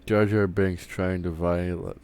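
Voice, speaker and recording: A man's voice: low-pitched, fairly even intonation, a little slow, a little mellow, smooth, no echo. A man streaming live, ranting casually with lots of swearing and stumbling restarts. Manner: profane, rambling, restarts often. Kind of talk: casual rant while streaming.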